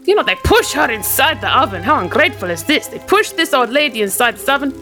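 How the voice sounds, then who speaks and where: A woman playing a character in a tabletop game, telling a rambling campfire story with theatrical, deadpan dark humor. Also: sits high, fast, faint music behind. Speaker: player voicing Harissa.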